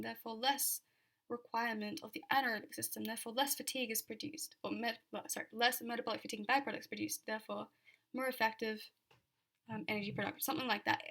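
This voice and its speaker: A woman's voice: on the high side, vocal fry, pushed and bright. A young Australian woman giving a chatty exam revision lecture, full of fillers and repeated key points.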